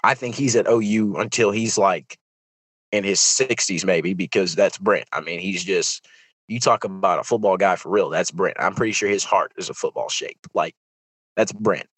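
A man's voice: low voice, moderate pace, a bit bright, husky, no room sound, poor audio. A young man hosting a sports podcast, rambling through casual football talk with lots of fillers and restarts. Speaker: podcast host. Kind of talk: casual sports commentary monologue.

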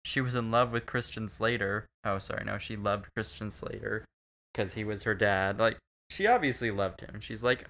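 A man's voice: fairly low pitch, moderate pace, fairly bright tone. A young man co-hosting a casual movie review chat, crude and sarcastic, laughing often. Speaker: podcast co-host.

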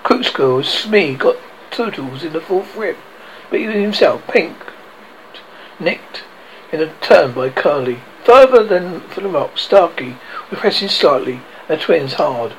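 A man's voice: on the high side, lively intonation, measured pace, a little hiss or hum, rough recording. A man reading a children's novel aloud, often tripping over words and correcting himself. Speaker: reader.

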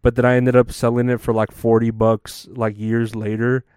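A man's voice: medium pitch, little pitch movement, normal speed, a little mellow, smooth, no echo, studio quality. A man hosting a comedic news monologue, rambling and crude with plenty of fillers and restarts. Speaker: comedy show host.

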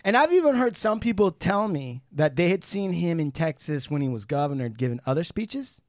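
A man co-hosting a podcast, telling animated, profane stories in casual chat and mimicking people he describes. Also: a little high, brisk, dry recording, studio quality. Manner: animated storyteller, swearing, mimics people in anecdotes. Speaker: podcast co-host.

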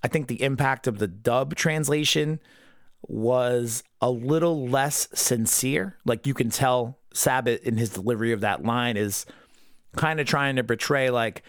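A man giving a casual, rambling episode review as a podcast host, swearing freely and breaking into quick impressions of character lines. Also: mid-range voice, dry recording, studio quality. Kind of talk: casual unscripted commentary.

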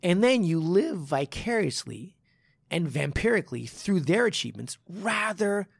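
Gravelly-voiced man telling a martial-arts story. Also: high voice, normal speed, no echo, studio quality. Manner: animated storytelling with swearing and restarts. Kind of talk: casual podcast chat.

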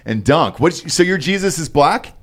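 A man's voice: on the high side, animated, normal speed. A man hosting a podcast, teasing his guests with crude, profane jokes. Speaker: podcast host. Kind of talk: crude comedic banter.

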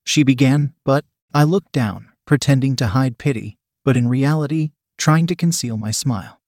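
A man's voice: mid-range voice, normal speed, hardly any pauses, darkish tone, no echo, clean studio sound. Cool, sardonic male story narrator. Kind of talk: first-person story narration.

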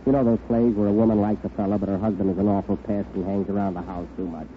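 A wisecracking radio comedy host, in a tinny old recording. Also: male voice, fairly low pitch, level tone, quick pace. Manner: dry, wisecracking. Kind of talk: 1930s radio comedy hosting. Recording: tinny, hissy 1930s radio broadcast.

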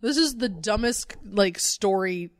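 A woman's voice: medium pitch, lively intonation, moderate pace, no echo, clean studio sound. A woman co-hosting a casual talk show, sarcastic and swearing freely. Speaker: podcast co-host. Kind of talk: casual comic-book chat.

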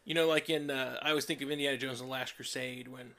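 A man co-hosting a casual movie podcast, measured as he compares films. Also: medium pitch, steady tone, fairly bright tone. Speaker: podcast co-host.

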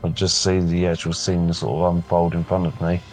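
A man's voice: sits low, monotone, a little fast, darkish tone, soft background music. A man player describing what his archer character does.

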